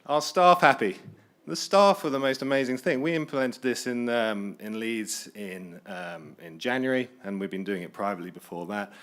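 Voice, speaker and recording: A man surgeon making an energetic, persuasive case in a conference debate. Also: medium pitch, normal speed. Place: conference hall.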